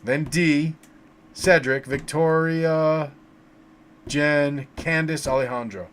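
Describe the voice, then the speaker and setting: A man's voice: a little high, takes it slowly, clean tone. Chatty man hosting a livestream tarot reading. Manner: relaxed and chatty, with many fillers and repeated words.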